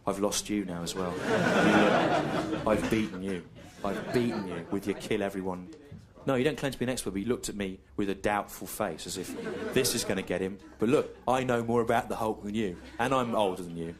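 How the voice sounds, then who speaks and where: A man doing a stand-up comedy routine on stage. He is deadpan and digressive and repeats his own lines on purpose. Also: fairly low pitch, a crowd in the background. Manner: deadpan, digressive, deliberately repetitive. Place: comedy stage before a live audience. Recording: live recording with clear background noise.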